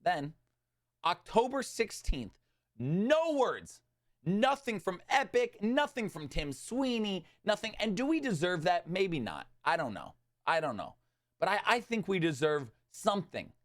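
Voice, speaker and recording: A young man rants about a video game with real exasperation, his voice a touch high for a man. His pitch leaps around constantly, jumping from loud outbursts down to muttered asides. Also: a little slow. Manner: agitated, animated, swinging between loud outbursts and muttered asides. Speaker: gaming commentator. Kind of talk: exasperated gaming rant.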